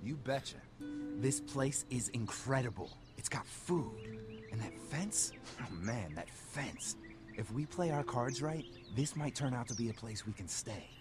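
A man's voice: medium pitch, expressive, measured pace, over music, lightly acted. An actor voicing an eager, hopeful male survivor in a video game.

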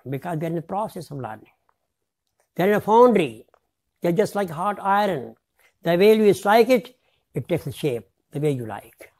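A man's voice: fairly high pitch, darkish tone. A man giving a lecture to teachers, stressing words and spelling them out letter by letter. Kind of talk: classroom lecture.

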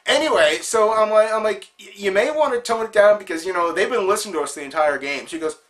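High-voiced man telling a gaming story. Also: fast talker. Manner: animated, acts out quotes of friends. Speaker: host of a video show. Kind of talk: casual storytelling to camera.

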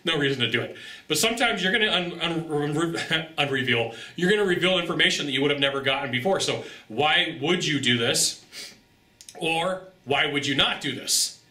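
A man coaching on sales in an animated, joking way, often jumping into high, acted-out voices. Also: echoey room. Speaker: sales trainer. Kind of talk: energetic motivational sales coaching monologue.

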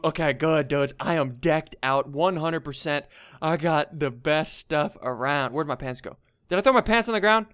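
A young man doing casual gameplay commentary as a gaming YouTuber, muttering to himself and then bursting into excited yells. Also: fairly high pitch, clean tone, no echo. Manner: excitable, swings from muttering to yelling.

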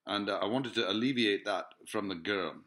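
A man's voice: fairly low pitch, normal speed, a bit bright. A man in a rambling, profane monologue, full of hesitations and rhetorical questions. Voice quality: profane, rambling, lots of filler sounds. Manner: digressive, musing, asks rhetorical questions.

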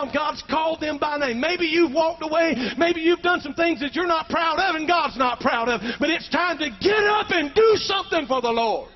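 A man preaching with fervor, his voice pitched unusually high for a man. He keeps calling out to the congregation as he preaches. The recording sounds dull and lo-fi. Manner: fervent, calls out to the congregation. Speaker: pastor. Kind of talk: preaching a sermon.

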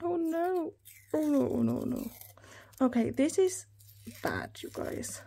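A woman in her thirties chatting through an unboxing haul, gushing and excitable, often talking straight to her viewers. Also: sits high, unhurried, vocal fry. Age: 30s. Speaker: planner hobby vlogger.

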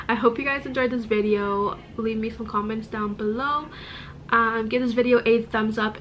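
Woman vlogger doing a storytime, kinda high voice, animated and fed up, showing stuff with her hands. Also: a little hiss or hum, low-quality recording. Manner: demonstrates with objects while talking. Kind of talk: casual storytime monologue.

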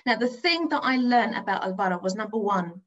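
A middle-aged woman from north-west London, a teacher, giving a lively storytelling talk. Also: mid-range voice, fairly quick, highs cut off. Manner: animated storyteller, acts out her own excited voice.

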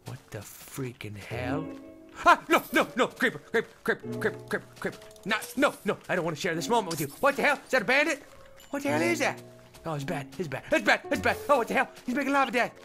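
A young man commenting live while playing a game, excitable, yelling and laughing at what happens. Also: high-pitched, quick pace, over music. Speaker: gaming video host.

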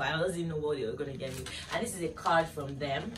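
A woman's voice: deep voice, a little fast, hardly any pauses, bright, forceful tone. Chatty young woman, distant mic. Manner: chatty and gushing, talks straight to viewers. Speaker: vlogger. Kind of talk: casual unboxing chat to viewers. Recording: distant mic with clear room noise.

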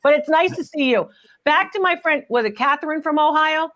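A woman's voice: high-pitched, lively intonation, a little fast, a bit bright. A woman hosting a live antiques appraisal show, chatting and teasing with callers, calling them honey and laughing often. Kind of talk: lively live-stream chat with callers.

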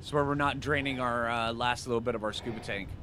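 A man giving casual commentary over his own gameplay, excitable and joking at himself, chatting to the creatures he meets. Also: mid-range voice, fast, background noise. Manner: excitable, talks to the creatures, self-mocking asides. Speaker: gaming video host.

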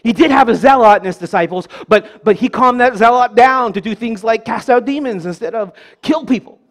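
A man's voice: very high-pitched, a little fast. A man preaching a sermon in church, leading the congregation in call-and-response and breaking in with joking asides.

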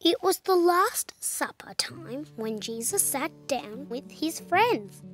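A woman's voice: high voice, very animated, takes it slowly, a bit bright, soft background music. A woman narrating a children's Bible story with dramatic delivery and whispered asides.

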